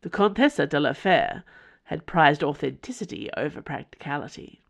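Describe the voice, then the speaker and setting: A woman's voice: low voice, expressive, normal speed, vocal fry. A woman author from Tasmania, reading her fiction aloud as podcast narrator. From Tasmania, Australia.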